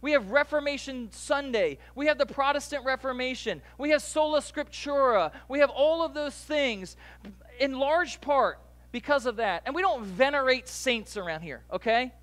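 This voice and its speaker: A pastor preaching a sermon in a relaxed, conversational way, with asides and quick jokes to the congregation. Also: male voice, very high-pitched.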